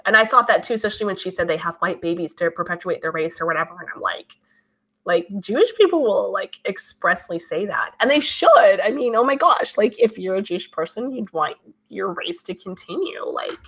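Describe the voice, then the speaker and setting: A woman hosting her channel, chatting casually and reading out viewer comments in a lively, talkative way. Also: on the low side, normal speed. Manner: chatty, animated, many fillers. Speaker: channel host.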